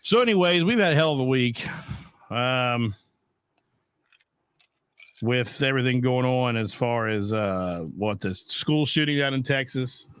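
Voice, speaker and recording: A man's voice: mid-range voice, animated, a little slow, long pauses, a bit bright, smooth, no echo. A middle-aged man hosting a casual home podcast, talking bluntly with a lot of profanity and rambling asides. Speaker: podcast host. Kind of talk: casual chat.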